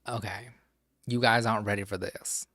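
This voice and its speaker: A man's voice: fairly low pitch, steady tone, moderate pace, noisy background. A man streaming from home who chats casually, rambles to himself, and swears freely. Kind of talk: casual live-stream chat.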